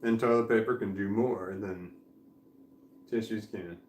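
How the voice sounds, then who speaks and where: A man's voice: lowish voice, fairly even intonation, a little slow, darkish tone, echoey room, a little hiss or hum. A man rambling candidly on a live stream at home, drowsy and foggy, swearing often and laughing between thoughts. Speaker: vlogger. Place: indoors at home.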